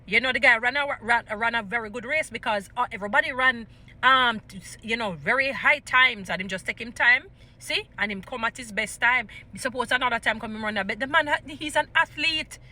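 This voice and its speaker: A Jamaican woman vlogger with a high, bright voice speaks her opinions with passion. She slips into patois and restarts her sentences often, piling on point after point. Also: brisk. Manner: impassioned, mixes patois into English, many restarts. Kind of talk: opinion commentary vlog.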